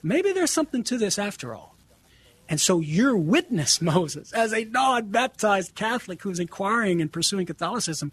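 Husky earnest man giving advice. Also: a little high. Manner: earnest, explanatory, acts out quoted dialogue. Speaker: guest apologist answering callers. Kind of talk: call-in radio advice.

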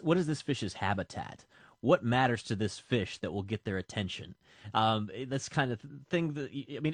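A man's voice: medium pitch, no room sound. A man hosting a radio talk show with a mid-range voice. He speaks casually and halts a lot, using many fillers. The sound is dry and close. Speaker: radio host. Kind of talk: conversational interview.

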